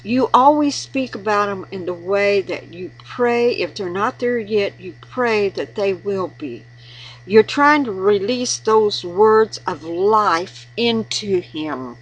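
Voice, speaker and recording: A woman's voice: mid-range voice, slow pace, slightly rough, poor audio. A woman giving earnest, preachy marriage advice in an informal devotional talk, repeating words for emphasis. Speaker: Christian video blogger giving marriage advice.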